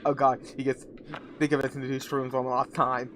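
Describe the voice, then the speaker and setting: A man's voice: medium pitch, flat delivery, fairly quick, fairly bright tone, slight background noise. A young man co-hosting a stream, joking and giggling in casual banter.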